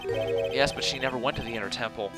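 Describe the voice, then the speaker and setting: A man voicing a wry young male defense lawyer in a dry, deadpan way. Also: medium pitch, brisk, loud music behind the voice, natural voice.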